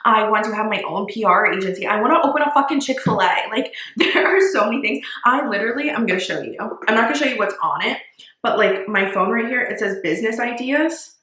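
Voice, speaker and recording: A woman's voice: fairly high pitch, animated, fairly quick, sharp tone, reverberant. A young woman and small business owner talking casually to camera in a vlog, full of "like" and casual swearing. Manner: chatty, says "like" a lot, swears casually.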